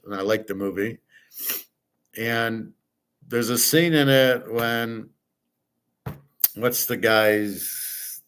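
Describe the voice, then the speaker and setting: A man's voice: lowish voice, a bit bright. Blunt swearing man ranting. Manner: blunt and emphatic, swears freely. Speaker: host. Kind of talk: casual rant to camera.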